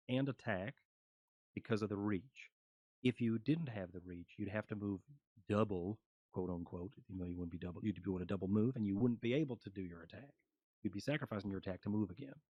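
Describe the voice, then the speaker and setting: Low-voiced man narrating as game master. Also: a little mellow, no echo, dull audio. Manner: halting, descriptive narration with many fillers.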